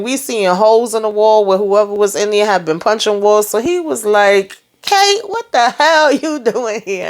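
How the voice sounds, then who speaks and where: A woman's voice: medium pitch, clear, resonant tone. A woman giving a casual, slangy spoken recap of a TV episode, retelling scenes and acting out the lines with frequent laughs. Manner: animated slangy retelling, acts out quotes, laughs often. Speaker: TV recap reviewer.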